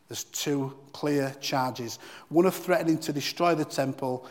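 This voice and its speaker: A man's voice: on the high side, a little slow, long reverb tail. A man giving a devotional Bible teaching in an earnest, emphatic way, often repeating key phrases.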